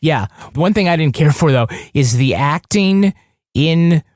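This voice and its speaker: A man's voice: a little high, lively intonation, a little slow, darkish tone, dry recording, clean studio sound. A man co-hosting a podcast, chatting casually with wry jokes. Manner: wry and joking. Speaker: podcast co-host.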